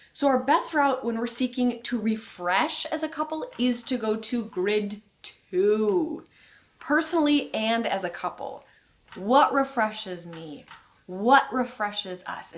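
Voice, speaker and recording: A woman co-hosting a marriage course video, speaking conversationally to viewers and laughing easily. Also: fairly high pitch. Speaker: co-host of a couples course.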